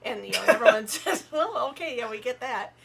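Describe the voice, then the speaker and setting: A woman's voice: fairly high pitch, a little fast, gravelly, over a noisy crowd. A woman comedian and podcast guest chatting casually and telling personal stories, acting out the voices of the people in them. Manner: animated, acts out voices in her stories. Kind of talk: casual storytelling chat.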